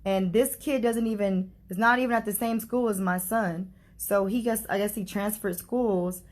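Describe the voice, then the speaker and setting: A woman's voice: mid-range voice, steady tone, normal speed. Woman vlogging, talks real casual and heartfelt, lots of "like" and "you know". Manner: chatty, uses many fillers like "like" and "you know"; heartfelt and earnest. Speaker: grieving mother vlogger. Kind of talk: casual storytelling monologue.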